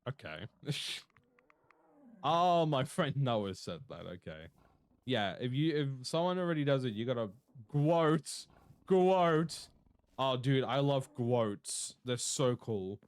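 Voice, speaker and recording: A man's voice: mid-range voice, big pitch swings, takes it slowly, no room sound. A man streaming live, chatting casually and jokily with his viewers and laughing often. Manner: laid-back, jokey, talks to chat, laughs often. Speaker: Twitch streamer.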